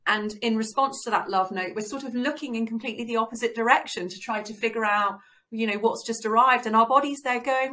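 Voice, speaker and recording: A woman's voice: a little high, a little fast, pushed and bright. A woman hosting an interview, talking in an enthusiastic, effusive way. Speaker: podcast host. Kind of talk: casual interview talk.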